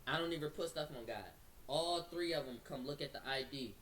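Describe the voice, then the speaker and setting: A man's voice: a little high, fairly quick, far from the mic, slight background noise. A man telling a story in casual slang, acting out what people said to him and speeding up as it gets tense. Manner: slangy, acts out quotes, speeds up when excited. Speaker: storyteller recounting an incident.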